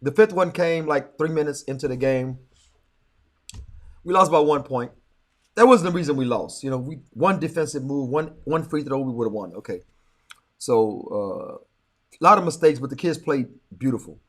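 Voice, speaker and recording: A middle-aged man co-hosting a podcast, telling stories in casual chat, animated, repeating words and breaking into quick laughs. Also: mid-range voice. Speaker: podcast co-host.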